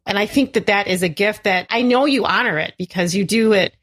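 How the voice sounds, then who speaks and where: Casting note: middle-aged woman host, medium pitch, gushing, emphatic, swoops up when excited. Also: a little fast. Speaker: podcast host. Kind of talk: casual podcast interview.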